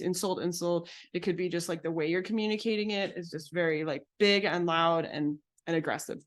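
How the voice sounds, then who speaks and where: A woman's voice: fairly quick, few pauses. A woman psychotherapist teaching a live online session in a casual, explanatory way, with many fillers and restarts. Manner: acts out quoted lines with sudden high pitch. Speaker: psychotherapist and betrayal coach.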